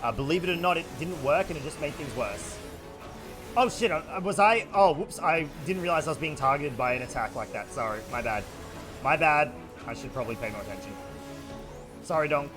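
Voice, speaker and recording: An energetic Australian man chatting and joking while streaming a game. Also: fairly high pitch, a little fast, music in the background. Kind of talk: casual gaming livestream chat.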